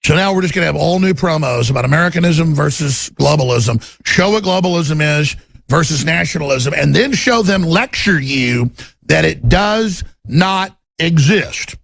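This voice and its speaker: Talk radio host, man, middle-aged; husky rasp, fairly high-pitched, fierce rant. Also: expressive, moderate pace, fairly bright tone, no room sound. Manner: intense, ranting, swings to menacing low growls in acted quotes. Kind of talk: political talk radio monologue.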